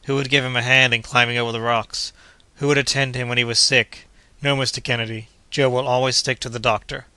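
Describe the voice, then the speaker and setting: A man's voice: mid-range voice, little pitch movement, brisk, bright, forceful tone, clean tone, dry recording. A man voicing a cheerful, loyal young manservant who talks eagerly and respectfully in an audiobook. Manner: eager, respectful, says sir often.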